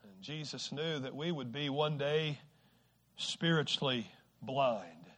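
A man preaching a sermon to a congregation, shifting from quiet, slow stretches to loud exhortation and stumbling over repeated words. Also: mid-range voice, expressive. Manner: swings from hushed to shouting exhortation, repeats words; acts out quoted people with sudden shifts.

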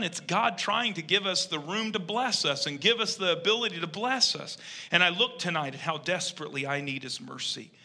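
A man preaching a sermon, rising to loud, emphatic peaks and dropping to hushed, earnest intensity. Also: fairly high pitch.

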